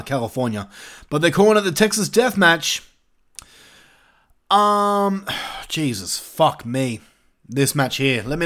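A man's voice: fairly high pitch, pushed and bright. A man hosting his own show, giving casual solo commentary in a profane, exasperated, ranting way. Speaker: wrestling review show host.

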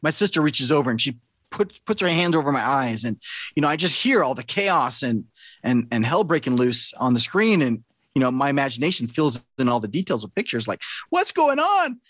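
A man's voice: mid-range voice, lively intonation, fairly quick, fairly bright tone, no room sound. A middle-aged man, a podcast host, chatting casually and telling an earnest story.

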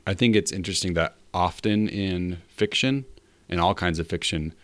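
A man with a very deep voice co-hosts a casual podcast chat. He banters in a joking, self-deprecating way. The recording is dry and close to the mic. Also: moderate pace, fairly bright tone, dry recording. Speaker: podcast co-host.

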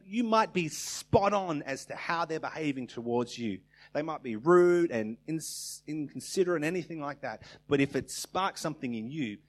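A man preaching a sermon in a conversational way, now and then acting out little everyday exchanges. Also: fairly high pitch.

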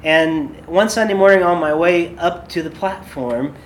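A man's voice: fairly high pitch, a little slow, slight background noise. A man who leads worship, giving a casual workshop talk full of stories and loose asides. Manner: chatty, loose, with many fillers and asides. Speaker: worship leader and podcast host.

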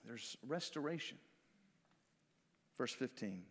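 A man's voice: mid-range voice, expressive, takes it slowly, fairly bright tone. A man preaching a sermon as a pastor, in a folksy, conversational way, breaking into acted-out quotes. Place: church sanctuary. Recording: long reverb of a church hall.

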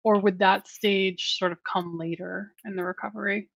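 A woman hosting an interview, asking measured and gentle questions. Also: mid-range voice, steady tone, creaky, dry recording, dull audio. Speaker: podcast host.

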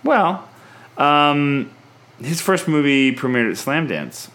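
A man's voice: fairly high pitch, very animated, slow pace, fairly bright tone. A man hosting a casual film review chat, talking things through aloud with frequent restarts. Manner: chatty, thinks aloud with restarts. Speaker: podcast host, film reviewer.

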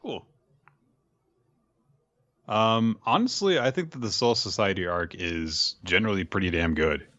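A man co-hosting a podcast in casual chat, reading listener questions with relaxed, dry humor. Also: on the low side, unhurried, long pauses, no room sound. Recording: dull lo-fi mic, dry.

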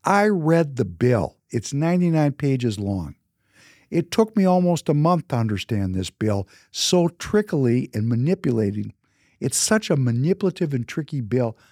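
A male podcast host giving impassioned, opinionated commentary, slowing his words down for emphasis. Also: mid-range voice, big pitch swings, darkish tone, no room sound, clean studio sound.

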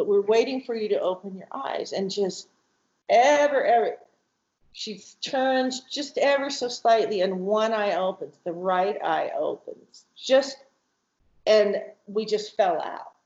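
Speaking slowly in a mid-range, slightly mellow voice, a mother shares her family's story as a guest. Her emotional testimony is a vivid retelling in which she acts out the people she quotes, often restarting. The audio has a roomy, dull lo-fi quality.

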